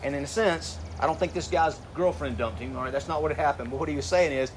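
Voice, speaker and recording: A middle-aged man preaching a sermon in a conversational way, asking rhetorical questions and slowing down to read scripture. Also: on the high side, slight background noise. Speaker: pastor. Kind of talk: sermon to graduating seniors.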